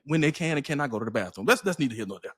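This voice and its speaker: A man's voice: medium pitch, expressive, very fast, breathy edge. A man telling funny stories in casual podcast chat, laughing through his own punchlines.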